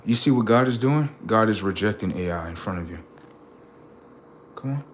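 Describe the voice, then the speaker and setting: An animated livestream host rambles and sermonizes at his chat at a moderate pace, heavy on cursing and street slang, dipping into low mutters and spiking into high outbursts. A little hiss or hum sits under the audio.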